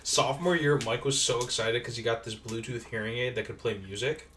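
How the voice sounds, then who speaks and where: A man's voice: mid-range voice, fairly quick, sharp tone. Young man, a little off-mic. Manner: easygoing, leads the segments. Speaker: podcast co-host. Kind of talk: casual chat about fight betting. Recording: voice a bit distant from the mic.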